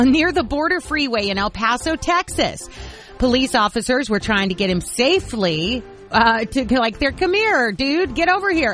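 Woman morning-show host, casual and animated, light music underneath. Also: on the high side. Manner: warm-hearted, animated, playful asides. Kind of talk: casual radio chat.

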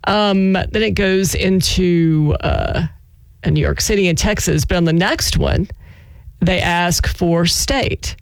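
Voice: mid-range voice, slow pace, dry recording. A country radio DJ in casual on-air chat, giggly and self-mocking, on a studio mic in a radio studio.

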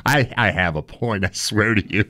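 A man co-hosting a sports talk show, arguing his point in a jokey, animated way. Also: fairly low pitch, normal speed, dry recording, studio quality. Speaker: podcast co-host.

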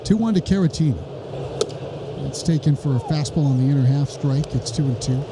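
A man calling a live baseball game play-by-play, brisk with wry joking asides and rising excitement on big plays. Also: fairly high pitch, background noise. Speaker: play-by-play announcer.

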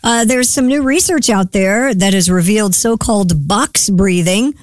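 A woman co-hosting a morning radio show, reading news items in a steady delivery. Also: mid-range voice, moderate pace, no echo.

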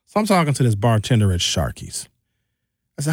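A man with a Wisconsin accent hosting a radio talk show from a studio mic, telling stories in a joking, animated way. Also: mid-range voice, fairly quick, slightly rough, no echo. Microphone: studio microphone.

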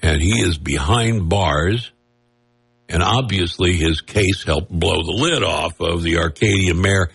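A man's voice: sits low, slow, creaky, fairly bright tone, slightly rough. A man hosting a casual political commentary monologue, mocking and wisecracking, rambling with asides and laughing at his own jokes. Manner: loose, rambling, with restarts and asides.

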